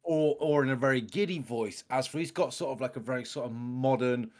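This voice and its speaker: A man's voice: mid-range voice, a little fast, darkish tone. A man co-hosting a music reaction video, talking in casual, rambling, gushing praise, with lots of "mate" and "bloody".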